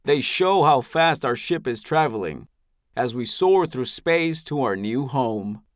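A man voicing an older male ship leader in an audiobook, speaking in a grandfatherly, theatrical, deliberate way. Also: medium pitch, very animated, dry recording, clean studio sound. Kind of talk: audiobook character voice.

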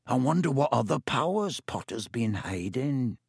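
A man voicing a stout, stubborn schoolboy who talks slowly and solemnly in a hushed, conspiratorial way. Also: medium pitch, big pitch swings, vocal fry, husky, no room sound, clean studio sound, exaggerated voice. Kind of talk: audiobook character voice.

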